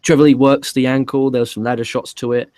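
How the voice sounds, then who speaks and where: A man's voice: mid-range voice, flat delivery, quick pace, dark tone, no echo. A man co-hosting a podcast, recapping a wrestling show in a dry, matter-of-fact way. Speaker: podcast co-host.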